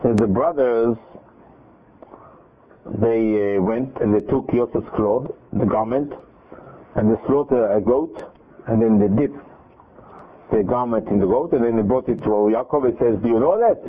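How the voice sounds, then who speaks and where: A man's voice: medium pitch, unhurried, long pauses. Man retelling a Torah story over phone. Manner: animated retelling with quoted dialogue and restarts. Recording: tinny phone-line audio.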